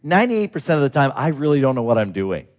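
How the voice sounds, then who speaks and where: Lively, animated male preacher. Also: medium pitch, fast. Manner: animated, acts out quoted people, breaks into laughs. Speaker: pastor. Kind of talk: sermon storytelling.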